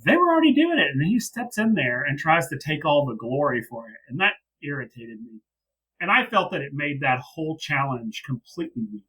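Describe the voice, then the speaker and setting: Animated husky man recapping wrestling. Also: brisk, poor audio. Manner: animated, exasperated, jumps into high-pitched mock quotes. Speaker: podcast co-host. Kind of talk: casual wrestling recap chat.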